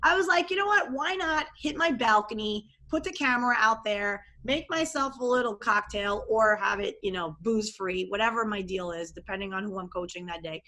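A woman life coach talking casually in an interview, animated and expressive, often acting out what she and others said. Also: medium pitch, normal speed, hardly any pauses. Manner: animated and expressive, acts out quoted voices.

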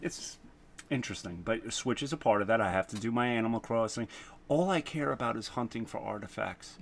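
A man's voice: medium pitch, brisk, vocal fry, a little hiss or hum. A man co-hosting a podcast in casual chat, rambling and self-mocking with lots of fillers. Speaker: podcast co-host.

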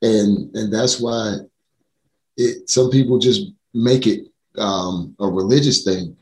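A man's voice: on the low side, steady tone, slow pace. A man chatting casually, explaining his views thoughtfully with down-to-earth examples. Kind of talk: casual chat. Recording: roomy echo.

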